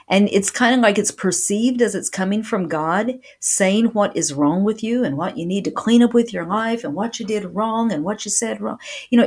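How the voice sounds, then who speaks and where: A woman's voice: mid-range voice, a little mellow. A woman preaching a sermon to a remote audience, earnest and repeating words as she stresses her points.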